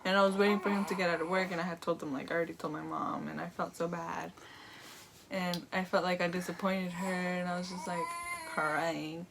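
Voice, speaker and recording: A woman's voice: lowish voice, fairly even intonation, a little fast, creaky, background noise. Young woman rambling through a storytime. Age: young adult. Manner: rambling, full of "like" and "um". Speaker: vlogger telling a personal story. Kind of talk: casual storytime.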